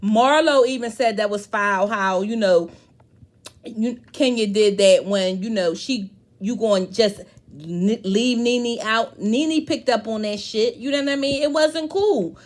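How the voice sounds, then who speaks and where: A woman's voice: medium pitch, unhurried. A woman giving a casual, blunt recap of a reality show, with slangy speech and frequent swearing.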